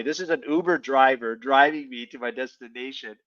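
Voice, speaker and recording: A man's voice: mid-range voice, quick pace, hardly any pauses, a bit bright. A man talking casually on a panel, earnest and given to restarts as he tells a personal story. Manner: earnest, repeats words when restarting. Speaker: panel guest. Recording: dull muffled audio.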